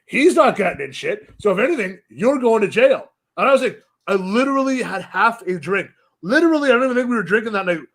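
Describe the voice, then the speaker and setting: A man with a notably high-pitched voice, swearing freely as he rambles through a story. His talk is loose and unscripted, the easy back-and-forth of a podcast guest. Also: sing-song, quick pace, hardly any pauses, a bit bright. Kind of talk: casual podcast chat.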